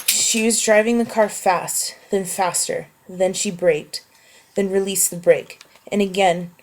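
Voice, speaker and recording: A woman making a casual voice post, answering questions wryly and reading a book passage slowly and evenly. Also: mid-range voice, steady tone, slight background noise. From United States. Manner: offhand and wry, reads prose slowly and evenly. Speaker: vlogger answering a question meme.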